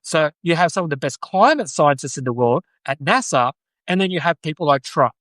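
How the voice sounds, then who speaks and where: A man's voice: a little high, animated, brisk, a bit bright, dry recording. An Australian man hosting a casual live-stream chat, talking in an earnest, rambling way. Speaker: podcast host.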